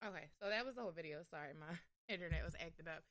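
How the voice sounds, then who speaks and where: Casting: female podcast host, chatty and loose with fillers, bright crisp voice, dry close sound. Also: fairly low pitch, very fast, no room sound. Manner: chatty, lots of "like" and "um". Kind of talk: casual chat.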